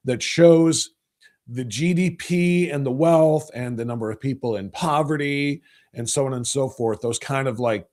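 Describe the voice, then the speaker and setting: A middle-aged man hosting a livestreamed podcast, talking politics in a rambling, animated, opinionated way. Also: medium pitch, a little slow. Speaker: podcast host. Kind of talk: casual political commentary livestream.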